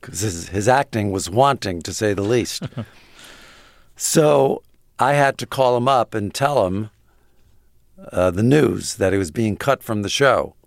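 A man's voice: lowish voice, lively intonation, unhurried, gravelly, dry recording. A man being interviewed as a guest, telling stories in a dry, self-deprecating way. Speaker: guest, comedy writer. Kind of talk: casual interview storytelling.

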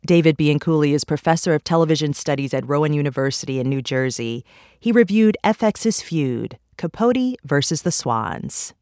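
A woman's voice: low voice, animated, moderate pace, darkish tone, dry recording. Woman radio host, dry studio voice. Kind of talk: radio show outro. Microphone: studio mic.

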